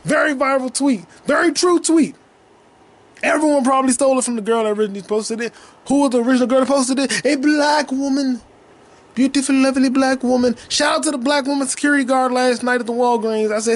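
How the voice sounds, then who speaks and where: A man in his twenties hosting a solo comedy podcast from his childhood bedroom, rambling and profane, now and then breaking into loud shouting. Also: extremely high pitch, brisk. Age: 20s. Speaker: podcast host.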